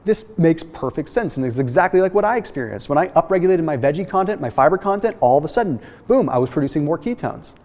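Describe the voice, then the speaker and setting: A man hosting a nutrition science explainer, talking in an energetic, emphatic way and often checking in with "okay?". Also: on the high side, quick pace, few pauses. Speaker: host. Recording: reverberant room with long echo.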